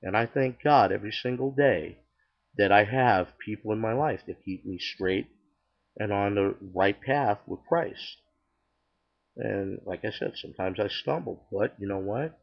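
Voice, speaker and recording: A man's voice: fairly low pitch, unhurried, gravelly, highs cut off. An older man casually telling his personal faith testimony, chatty and acting out the dialogue with many restarts. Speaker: storyteller sharing his testimony.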